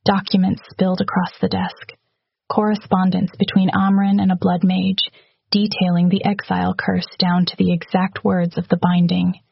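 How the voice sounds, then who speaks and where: Woman, story narration, flat delivery, gravelly husky tone, dry close sound. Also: on the low side, moderate pace, no room sound, dull audio. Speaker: audiobook narrator. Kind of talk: scripted narration.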